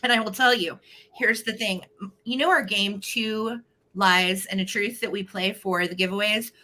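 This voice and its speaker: A woman's voice: mid-range voice, fairly even intonation, moderate pace, bright, forceful tone. A woman hosting a live online vintage sale in casual chat, bubbly and greeting viewers by name.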